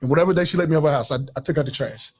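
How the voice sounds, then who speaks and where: A man telling stories in casual chat, quick and animated, swearing freely. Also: a little high, faint music behind. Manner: storytelling with quoted voices, swearing.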